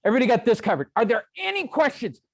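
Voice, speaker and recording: A man's voice: very high-pitched, very animated, very fast, dry recording, studio quality. A middle-aged man giving a live seminar talk to a room, brash, joking and self-deprecating. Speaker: real estate speaker. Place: meeting room with audience.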